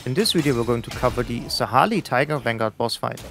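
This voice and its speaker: A man's voice: mid-range voice, creaky, very noisy. A middle-aged man giving a scripted, instructive voice-over for a game boss guide. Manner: brisk, instructive, even delivery.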